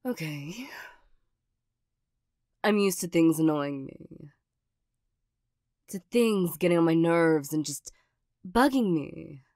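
A woman voicing an awkward young girlfriend, gruff but loving, in a whispered role-play, hesitant and stammering with nervous little laughs. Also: low-pitched, expressive, takes it slowly, pauses often, darkish tone, no room sound, studio quality, heavily acted. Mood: flustered. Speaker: ASMR role-play performer.

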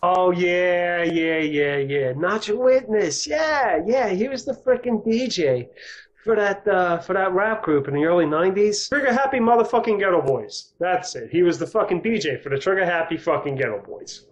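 A man's voice: sits high, animated, normal speed. A man answering in a comic clip, drawling and offhand. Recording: dull lo-fi audio.

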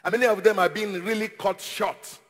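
A man preaching a sermon as pastor, with call-and-response and repeated phrases that rise into shouted declarations. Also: sits high, fairly even intonation, brisk, big-room sound.

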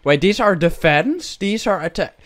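A man's voice: high voice, expressive, normal speed, a bit bright. A man giving playful gameplay commentary as a gaming YouTuber, full of silly, exaggerated trash talk and mock-serious jokes.

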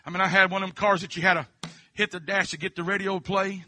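A preacher from Kentucky with a Southern accent, giving a testimony sermon. He shifts between quiet storytelling and fervent, shouted preaching. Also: high voice, little pitch movement, quick pace.

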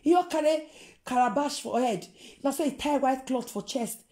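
A woman's voice: high-pitched, moderate pace, mellow. A woman with a Nigerian accent giving an impassioned, scolding monologue to her viewers, slipping between Pidgin and local-language phrases. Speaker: vlogger.

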